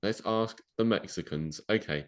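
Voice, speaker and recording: A man's voice: lowish voice, moderate pace. A young man co-hosting a podcast over a remote call, chatting casually and laughing often. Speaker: podcast co-host. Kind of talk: casual chat.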